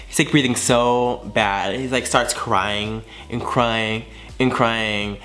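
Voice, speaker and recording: Animated, profane young man telling a story. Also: mid-range voice, slow. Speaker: vlogger. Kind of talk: storytime vlog.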